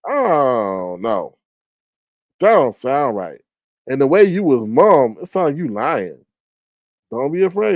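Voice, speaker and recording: Sarcastic man ranting on a live stream. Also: no room sound. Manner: animated, sarcastic, mocking quotes with sudden high squeals. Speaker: live stream commentary host. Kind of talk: casual ranting commentary.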